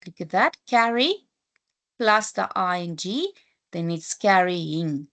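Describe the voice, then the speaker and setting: Spelling out letters one by one, a South African English teacher leads a patient, deliberate classroom lesson. Her voice is lowish and a bit bright, and she takes it slowly.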